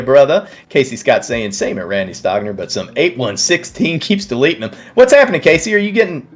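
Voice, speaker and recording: A man's voice: on the high side, gravelly. A man hosting a trading livestream, chatting casually and reading viewer comments aloud with lots of restarts. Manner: warm, rambling, reads chat aloud, many restarts. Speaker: livestream host.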